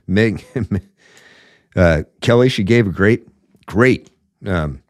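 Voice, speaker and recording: A man's voice: lowish voice, animated, takes it slowly, no echo, clean studio sound. A man hosting his own political commentary show, blunt and emphatic, calling it as he sees it between frequent fillers. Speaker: podcast host.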